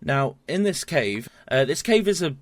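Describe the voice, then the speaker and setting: A man's voice: fairly high pitch, expressive, a little slow, no echo. A man narrating a tabletop game as game master, stumbling over fillers and repeated words.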